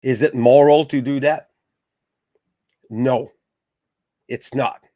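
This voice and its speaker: A man talking slowly and heatedly on a podcast, swearing freely and tripping over his own restarts. His voice sits mid-pitch and comes across dry and close. He sounds like a host making a point he cares about. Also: steady tone, dark tone, no room sound. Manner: profane, passionate, halting with restarts. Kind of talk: heated casual discussion.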